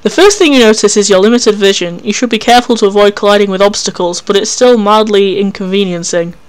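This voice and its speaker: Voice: medium pitch, quick pace, smooth. A narrator reading an interactive story game aloud in a wry, casual way, swearing freely.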